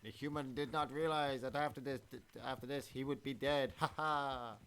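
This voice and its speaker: A man's voice: mid-range voice, fairly even intonation, normal speed, fairly bright tone, slight background noise, natural voice. A man doing a cackling, gloating alien. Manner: taunting, cackling.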